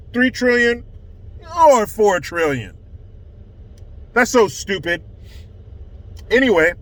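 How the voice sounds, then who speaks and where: Male vlogger, higher pitch, sarcastic and profane ranting commentary. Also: fairly bright tone. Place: California.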